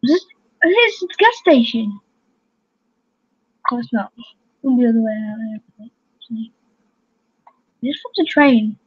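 A woman hosting a gaming channel, chattering excitedly to her fellow players as she plays. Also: on the high side, a little slow, pauses often, breathy edge. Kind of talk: casual gameplay commentary. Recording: dull lo-fi home recording.

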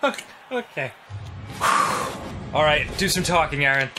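A man co-hosting a video game show, playing a boxing game and reacting with excitable yelps, shouts and swearing. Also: a little high, moderate pace. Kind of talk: casual gaming commentary. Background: faint game music.

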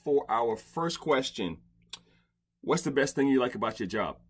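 A blunt middle-aged man who swears freely hosts a podcast from a home closet padded with blankets, keeping the interview chat casual. His medium-pitched voice is slightly rough, moderately paced, and lively.

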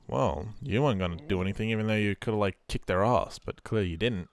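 A man's voice: on the low side, fast talker, few pauses, dry recording. A man giving casual let's-play commentary while sleepy and yawning, rambling and swearing freely. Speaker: gameplay commentator.

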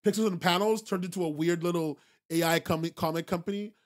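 A man's voice: high voice, steady tone, quick pace. Blunt, swearing podcast host, man. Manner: blunt and profane, repeats himself for emphasis; laughs often. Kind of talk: casual chat to a live stream audience.

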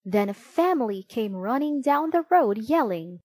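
A woman reading a children's picture book aloud, slow and expressive with a lively, rising and falling pitch. Her voice sits fairly high, recorded close and dry. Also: husky, dry recording. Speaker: storybook reader.

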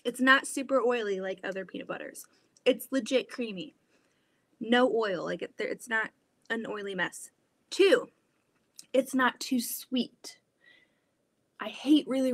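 A woman hosts a casual livestream from her home basement, chatting and giggling as she reads viewers' comments. Her voice sits a little high, and it is recorded dry and close on a laptop mic. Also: moderate pace, no echo. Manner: chatty and giggly, many "like"s and restarts. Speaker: quilting channel host. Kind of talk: livestream chat, reading comments aloud.

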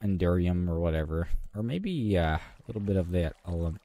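A man with a very low voice talks his way through a video game in a casual, rambling way. He mutters half to himself and drops dry, self-mocking jokes along the way. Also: animated, fairly quick, dark tone, no echo. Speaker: gaming channel host. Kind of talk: casual gameplay commentary.

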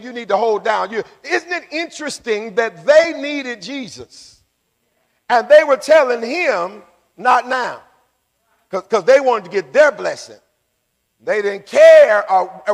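A man with a high voice preaches a sermon in a church, and a long reverb trails his words around the hall. He calls on the congregation to answer him back and rises into shouts as he goes. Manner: call-and-response preaching, building to shouts. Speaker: pastor. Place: church sanctuary.

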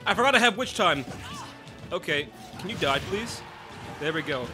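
A man giving excitable, chatty let's play commentary, breaking into sudden outbursts and restarting his sentences. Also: sits high, moderate pace, long pauses. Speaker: gaming YouTuber. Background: game music.

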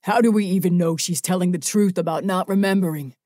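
A bitter young winged warrior, harsh and clipped in every line, as a woman reader puts him on. The voice sits low and presses forward with force. The audiobook recording is dry and close. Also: fairly quick, warm tone, no echo, close to an everyday voice. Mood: cold, accusing.

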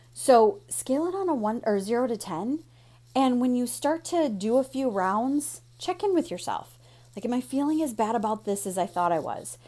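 A woman's voice: mid-range voice, darkish tone. A woman emotion coach talking the viewer through a tapping routine in an encouraging, direct way. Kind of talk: instructional talk guiding tapping.

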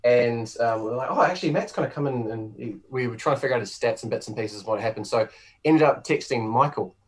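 A man's voice: medium pitch, steady tone. A New Zealand man co-hosting a football podcast, chatting casually and laughing often. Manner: laughs often, quick restarts. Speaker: podcast co-host. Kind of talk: casual sports chat.

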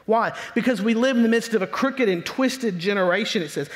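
A man preaching from the pulpit, his voice sitting high for a man as it rings through a church with a long, lingering reverb. He stretches out the words he wants to land, then drops low and grumbling when he imitates complainers. The sermon feels like steady, emphatic teaching. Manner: emphatic preaching with slow drawn-out stresses. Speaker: pastor. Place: church sanctuary.

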